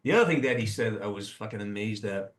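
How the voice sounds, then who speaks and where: A man in his sixties, an actor guest telling a lively, profane anecdote and acting out the people in it. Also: fairly low pitch, fast, heavy background noise. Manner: animated, profane, acts out the people in his stories. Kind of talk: casual storytelling anecdote. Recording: roomy echo.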